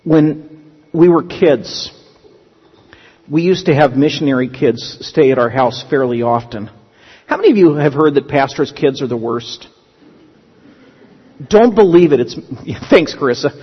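A man's voice: on the high side, animated, slow, long pauses, slightly rough. A male pastor preaching a sermon in a conversational teaching manner, with humorous asides. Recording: dull lo-fi sound with long hall reverb.

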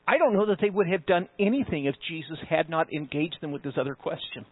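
A man's voice: on the high side, lively intonation, fast, breathy edge, no room sound. A man preaching a sermon as pastor, emphatic and conversational, with asides to the congregation. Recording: tinny phone-like sound, dry.

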